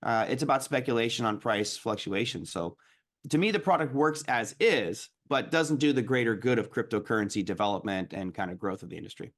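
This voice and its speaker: A man, a guest trader, explaining markets in an animated, casual way. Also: mid-range voice, brisk.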